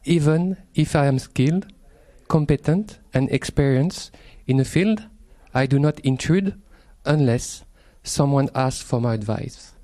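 A French-accented Buddhist monk speaks English in a mellow, dark tone. He is courteous and unhurried, and often pauses on "uh" while he gathers his words. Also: medium pitch. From France. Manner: polite and hesitant, with many fillers.

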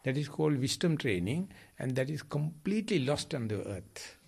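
A man, a Buddhist monk giving a dharma talk in halting English, with restarts and repeated words. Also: medium pitch, creaky, slightly rough. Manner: lively, halting non-native English with repeats.

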